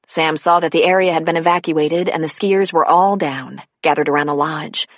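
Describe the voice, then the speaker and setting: A woman narrating an audiobook in a steady, unhurried reading. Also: low-pitched, dry recording, studio quality. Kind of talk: scripted narration.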